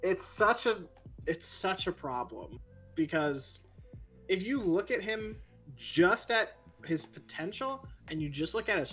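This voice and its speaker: A young man co-hosting a casual chat, ranting in an animated, opinionated way. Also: on the high side, husky. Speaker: co-host.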